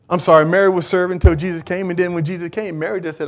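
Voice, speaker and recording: A man preaching a church sermon, moving from quiet, conversational talk to loud call-and-response questions. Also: high-pitched, quick pace. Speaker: pastor. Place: church service.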